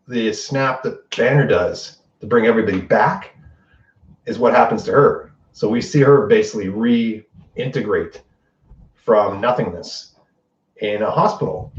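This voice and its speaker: A man with a lowish voice chats his way through a casual spoiler recap, cursing freely and acting out quotes. He sounds set back from the mic in an echoey room, and the sound is a little dull and lo-fi. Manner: animated and profane, acts out quotes. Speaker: host. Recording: distant roomy dull lo-fi mic.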